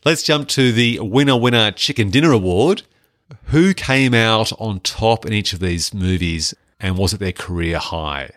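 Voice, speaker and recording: A man's voice: lowish voice, unhurried, no echo, studio quality. A man co-hosting a podcast, chatting casually and jokily about films. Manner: chatty, animated, jokey. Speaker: podcast co-host. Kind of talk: casual film review chat.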